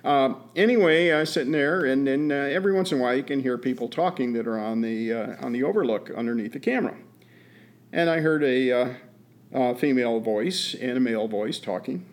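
A man's voice: medium pitch, a little fast. A man co-hosting a podcast, telling a story in a folksy, easygoing way with many fillers and restarts. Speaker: podcast co-host. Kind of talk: casual chat.

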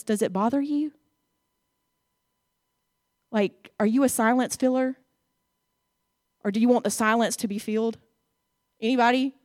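A woman's voice: on the high side, a little mellow, no echo, clean studio sound. A woman preacher delivering a sermon, talking conversationally and asking her congregation direct questions.

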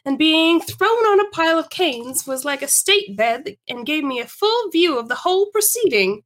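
A prim Victorian young woman, high-voiced, leans in to confide a scandalous tale to her friends, as a woman reads her part aloud. The telling is breathless and gossipy, like a storybook heroine sharing a secret. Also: very animated, moderate pace, a bit bright. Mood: confiding.

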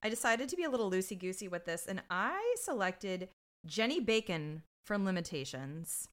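A woman's voice: mid-range voice, very animated, moderate pace. A woman co-hosting a podcast in casual chat, blunt and profane, retelling scenes with acted-out quotes. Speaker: podcast co-host.

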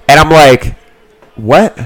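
A man's voice: a little high, takes it slowly. A man hosting a casual podcast, telling a story with lots of laughs and swearing and playing both sides of the exchange. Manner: animated, laughs often, swears, acts out both sides of stories. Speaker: podcast host. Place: small room, sitting on a kid's trampoline. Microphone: own mic close to a second mic.

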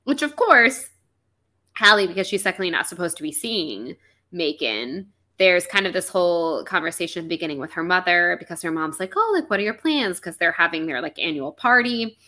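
A woman's voice: on the low side, normal speed. A young woman co-hosting a casual book podcast, chatting animatedly and acting out characters' lines. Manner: animated, acts out characters' lines with big swoops. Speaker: podcast co-host. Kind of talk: casual book-club chat.

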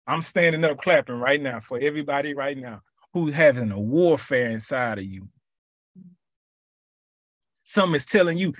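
A man leading a podcast Bible study who preaches in a lively, colloquial way and repeats his phrases for emphasis. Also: mid-range voice, measured pace, pauses often, dry recording, clean studio sound.

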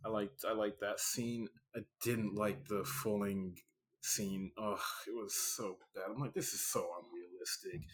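A man co-hosting a casual film review chat, animated and laughing as he mimics scenes. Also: fairly low pitch, unhurried, slight background noise. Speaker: podcast co-host.

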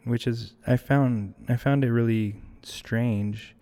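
A man's voice: medium pitch, fairly even intonation, slow pace, warm tone. A young man talking as a podcast guest, reflective and hesitant, often restarting his sentences. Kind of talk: casual conversational interview.

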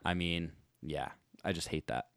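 A man's voice: sits low, a little slow, gravelly, fairly bright tone, no echo, studio quality. A young man co-hosting a podcast in casual chat, playful and often laughing. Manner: playful, laughing, earnest asides. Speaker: podcast co-host.

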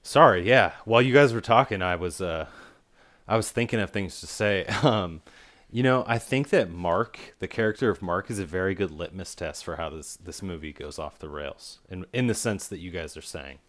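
Man, low voice, casual film podcast, rambling, lots of fillers. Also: moderate pace, fairly bright tone. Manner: rambling, filler-heavy, acts out quoted characters. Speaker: podcast co-host.

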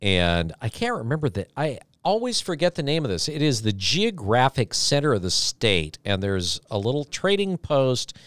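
A man chatting as a podcast guest, his pitch swinging up and down as he rambles through a long story. He slips in deadpan jokes along the way. The sound is dry and close, with no room echo. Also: normal speed, few pauses. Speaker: podcast guest, radio host. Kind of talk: casual chat.

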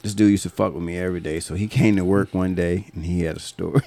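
A man telling work stories in casual chat, profane and animated, laughing often and jumping into high excited voices for the people he quotes. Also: quick pace, gravelly.

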